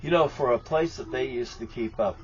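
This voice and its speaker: A man's voice: medium pitch, fairly quick, darkish tone, dull audio, faint music behind. A man, talking to the camera from his RV in a bitter, profane, rambling rant. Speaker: vlogger. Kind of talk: rambling angry vlog monologue. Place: inside an RV lit by candles.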